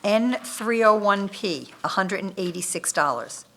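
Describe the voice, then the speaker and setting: A woman reading bid amounts aloud at a town bid opening, listing item codes and dollar figures in a steady, methodical way. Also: medium pitch, a little slow. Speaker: municipal official reading bids. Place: town government meeting room.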